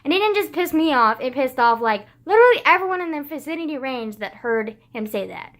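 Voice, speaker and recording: A woman's voice: sits high, sing-song, brisk, a bit bright. A teenage girl vlogging in casual chat, filling her talk with "like", sighing often and swearing bluntly. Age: teens. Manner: heavy use of "like" as filler, frequent sighs, blunt swearing.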